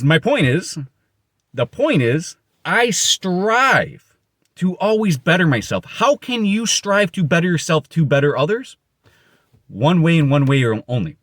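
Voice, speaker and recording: A man's voice: mid-range voice, dry recording, studio quality. A man giving an unscripted motivational monologue, blunt, boastful and profane, rambling and correcting himself as he goes. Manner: emphatic, rambling with self-corrections. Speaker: motivational speaker.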